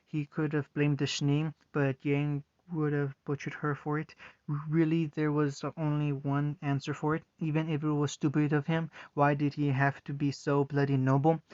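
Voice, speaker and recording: A man reading fan fiction aloud, halting with frequent restarts, in a muffled lo-fi recording. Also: a little high, no room sound. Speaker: reader.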